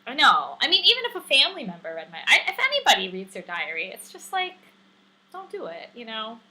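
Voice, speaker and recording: A woman's voice: fairly high pitch, wildly swooping pitch, fairly quick, sharp tone, poor audio. A woman co-hosting a podcast, chatting casually and animatedly with lots of fillers and laughs. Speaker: podcast co-host. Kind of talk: casual recap chat.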